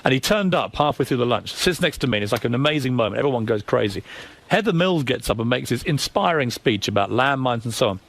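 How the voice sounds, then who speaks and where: A middle-aged man with an English accent, a guest on a talk show, telling animated stories and mimicking other people's voices. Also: medium pitch, fast talker, gravelly. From England. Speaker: guest, former tabloid editor.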